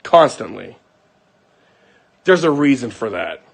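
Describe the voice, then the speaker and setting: A man's voice: mid-range voice, sing-song, takes it slowly, creaky, husky. A young man angrily telling his viewers about a fight at home, swearing and acting out what everyone said. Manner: heated, profane, acts out quoted lines. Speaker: vlogger. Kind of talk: angry personal account to viewers.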